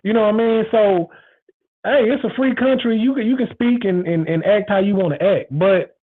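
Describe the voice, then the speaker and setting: High-voiced man with tinny phone-like sound. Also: normal speed. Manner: rambling, repetitive, frank and emphatic. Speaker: show host. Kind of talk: casual monologue.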